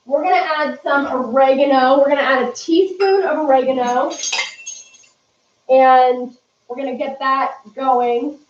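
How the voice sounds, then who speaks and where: A high-voiced woman talks her way through a live kitchen cooking demo, chatty and a bit scattered. She sits well back from the mic in an echoey room, and the sound comes through muffled and dull. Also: a little slow, slight background noise. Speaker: cooking vlogger. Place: home kitchen. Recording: roomy, distant, dull mic.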